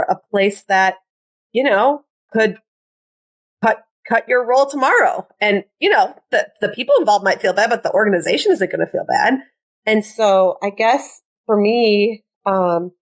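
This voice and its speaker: This is a woman in her forties with a Midwestern American accent and a medium-pitched voice. She's a podcast guest chatting casually, using lots of "like" fillers and making self-deprecating asides.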